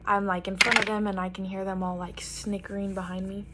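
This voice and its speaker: A woman's voice: medium pitch, fairly quick, very noisy. Chatty young woman telling a storytime. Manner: chatty, animated quoting of others. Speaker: vlogger. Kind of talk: storytime while getting ready.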